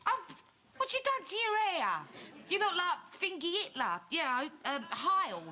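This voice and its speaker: A woman's voice: very high-pitched, very animated, a little slow, pushed and bright, heavily acted. An actress playing a brash, crude, working-class woman with a Portsmouth accent, blunt and bawdy, in a TV sitcom. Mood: mocking. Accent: Portsmouth English. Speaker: sitcom character.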